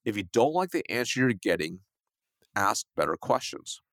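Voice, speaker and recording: A man telling a sales story in a lively, fast conversational way, acting out the voices of the people in it. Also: on the low side, dry recording. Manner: fast, animated, acts out quoted dialogue. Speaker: guest, sales coach.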